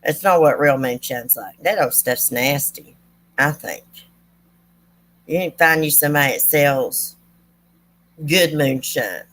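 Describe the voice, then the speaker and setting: A true crime channel host with a low, fairly bright voice speaks to her viewers at a measured pace, leaving long pauses. She tells family stories casually and folksily, drifting into asides and side remarks.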